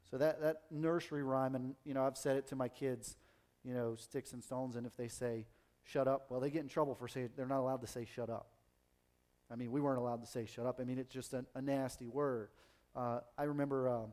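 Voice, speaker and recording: A man's voice: medium pitch, a little mellow. A man preaching a sermon in an earnest, conversational way, with frequent restarts and hesitations.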